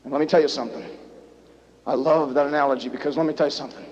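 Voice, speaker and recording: A man with a high voice preaches motivation to a crowd, hammering short, repeated lines and rising to shouts. The recording is a dull, lo-fi live tape with a faint hiss in the background. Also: steady tone, racing. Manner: preaching, repetitive, punchy, builds to shouts. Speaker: motivational business speaker. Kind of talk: motivational rally speech with storytelling.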